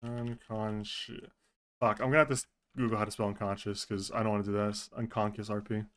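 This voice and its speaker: A man's voice: fairly low pitch, level tone, fairly quick, fairly bright tone, smooth. A male streamer chatting casually during a roleplay stream, laughing and swearing freely.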